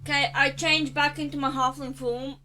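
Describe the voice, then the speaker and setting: A woman's voice: high voice, little pitch movement, moderate pace, bright, forceful tone, faint music behind. A woman playing a tabletop game, asking direct questions about the rules. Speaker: player.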